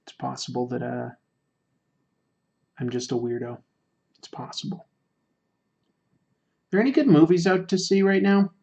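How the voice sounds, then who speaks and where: A man's voice: on the high side, lively intonation, normal speed, vocal fry, pauses often, darkish tone. A man chatting casually with viewers while he draws on a livestream, rambling and self-deprecating, with frequent fillers. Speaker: livestreaming artist. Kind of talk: casual chat while drawing, answering viewer comments.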